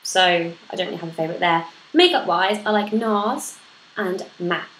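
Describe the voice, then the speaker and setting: Her voice is fairly low, a bit bright and animated, moving at normal speed. The woman is a vlogger doing a parenting tag, casually fielding motherhood questions on camera and frequently laughing at herself, in an echoey room with faint noise.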